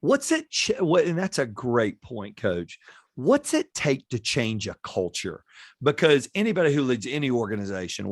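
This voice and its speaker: A man hosting an interview podcast who asks earnest, thoughtful questions about leadership. His voice has a middle pitch, and the recording is dry and close with no room echo. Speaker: podcast host.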